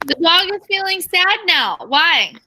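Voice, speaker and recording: A woman with a high, very bright voice teaches a reading lesson over a video call. She reads a picture book aloud in an animated way and asks her class questions. The sound is that of a video call. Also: a little slow.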